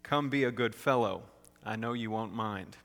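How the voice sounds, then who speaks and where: A man's voice: on the low side, normal speed, fairly bright tone. A man voicing a lazy, scheming female bird in a storybook read-aloud, with a sing-song, coaxing manner. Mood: wheedling. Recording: long hall reverb.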